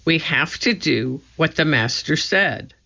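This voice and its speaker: A cautious, nervous boy from a storybook, as the reader puts him on, worried and grumbling, his voice raised and lively in pitch. It is slow and has a gravelly edge. The recording is dull and lo-fi. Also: exaggerated voice. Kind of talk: storybook reading.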